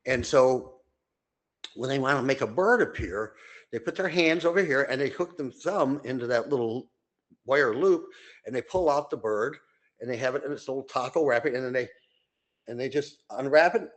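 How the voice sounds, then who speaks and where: An older man co-hosting a podcast, telling long rambling anecdotes full of fillers and restarts, and jumping into high voices when he quotes people. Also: normal speed. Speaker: podcast co-host. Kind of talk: casual storytelling chat.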